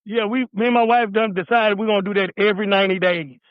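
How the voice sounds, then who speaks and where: A man's voice: high voice, flat delivery, fast, dry recording. Man talking on a tinny phone line. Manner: laid-back, says "man" often. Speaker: guest chef. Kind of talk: casual phone interview. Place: in a car, driving. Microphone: phone call.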